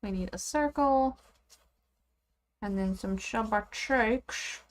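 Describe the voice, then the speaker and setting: A young woman chatting casually and giggling as she draws, rambling and often trailing off quietly. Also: on the high side, slow. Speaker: streamer drawing goose characters. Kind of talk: casual chat while drawing.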